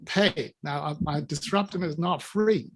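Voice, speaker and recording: A man speaking as a guest business coach on a video call. He gives a playful, emphatic motivational talk and laughs between his drawn-out catchphrases. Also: fairly high pitch, husky.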